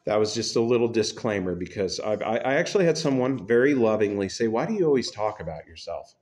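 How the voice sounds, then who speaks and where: Low-voiced man preaching a casual sermon. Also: big pitch swings, quick pace, a little mellow. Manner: self-deprecating, conversational, humorous. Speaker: pastor. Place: church.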